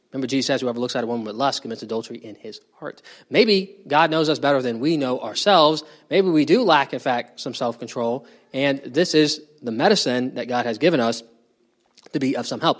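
A man with a somewhat high voice teaches a bible study. He talks through the passage in a conversational way and often stops to put questions to the people in the room. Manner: conversational, asks the group questions.

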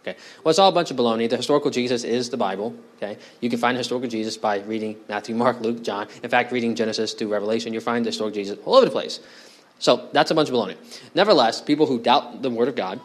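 A man's voice: mid-range voice, rapid-fire. A male pastor preaching a sermon in a conversational way, often asking the congregation questions. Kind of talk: expository sermon.

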